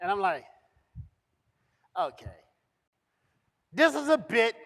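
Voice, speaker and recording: On an event stage, a middle-aged male comedian tells a funny story, animatedly acting out both sides of the conversation. His voice is high-pitched, and he takes it slowly.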